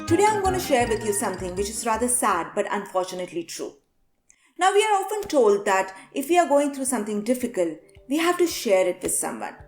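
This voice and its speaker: A woman speaking to camera in an advice vlog, talking in a lively way and slipping into little acted-out scenes. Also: fairly high pitch, fairly quick. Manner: lively, acts out little scenes in different voices. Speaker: vlogger. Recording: echoey room with faint music.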